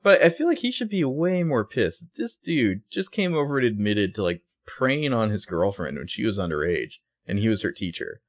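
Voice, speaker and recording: A man's voice: lowish voice, sing-song, normal speed, few pauses, no echo. A man co-hosting a podcast, chatting bluntly and casually about a TV episode with frequent swearing and fillers. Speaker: podcast co-host. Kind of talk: casual recap chat.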